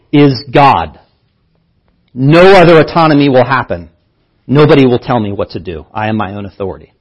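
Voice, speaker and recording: A man's voice: medium pitch, rough recording. A man preaching a sermon as pastor, teaching earnestly and repeating key phrases for emphasis.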